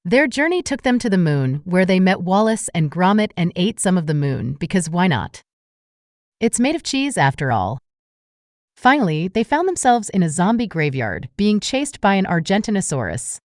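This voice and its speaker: A woman's voice: on the low side, sing-song, normal speed, no echo, studio quality. A woman reading a silly children's storybook aloud with a playful manner. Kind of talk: storybook narration.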